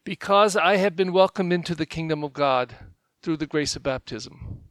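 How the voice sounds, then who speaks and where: A male pastor giving a conversational homily, telling stories and getting animated when he quotes people. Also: on the high side, moderate pace, no echo. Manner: storytelling, animated when quoting others.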